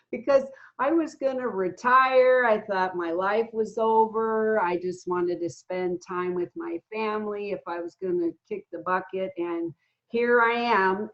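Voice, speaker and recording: A woman in her fifties speaks at a mid pitch, earnest and a little halting as she tells her story. She slips in plenty of fillers and restarts. The sound is dull and lo-fi. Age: 50s. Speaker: guest sharing a recovery story. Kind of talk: casual spoken testimony.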